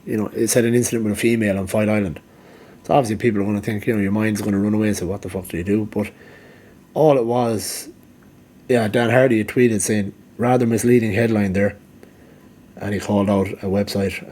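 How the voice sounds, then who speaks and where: A man's voice: lowish voice, a little mellow, slightly rough. A man giving rambling casual commentary, full of ums and restarts, and he is losing his voice. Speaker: MMA vlogger.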